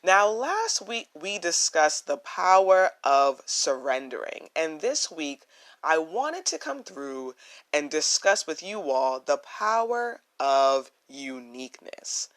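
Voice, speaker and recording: A young woman with a naturally low voice, hosting a solo podcast, earnest and reflective, often repeating her phrases for emphasis. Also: sing-song, takes it slowly, a bit bright. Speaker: podcast host.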